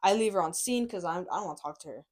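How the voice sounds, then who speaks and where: Animated young woman telling a story. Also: lowish voice, rapid-fire. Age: young adult. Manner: animated, acts out quoted voices. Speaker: guest, college student sister. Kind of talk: casual storytelling chat. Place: office.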